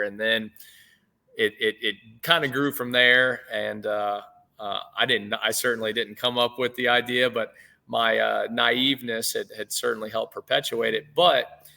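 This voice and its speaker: A man in his late thirties, a head baseball coach, telling stories in a relaxed interview over a video call, with many fillers and restarts. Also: medium pitch, a little slow, creaky. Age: 30s. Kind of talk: casual interview chat.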